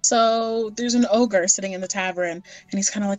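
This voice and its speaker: A woman's voice: mid-range voice, steady tone, fairly quick, few pauses, no room sound, faint music behind, poor audio. Woman playing a tabletop character. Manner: narrates her character's actions in first person. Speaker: player.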